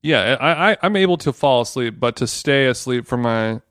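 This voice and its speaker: A man's voice: medium pitch, lively intonation, normal speed, a bit bright, dry recording, studio quality. A man co-hosting a podcast, chatting casually in a rambling, profane way, often restarting his sentences. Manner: rambling, profane, self-interrupting. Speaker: podcast co-host. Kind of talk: casual chat. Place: villa in the countryside.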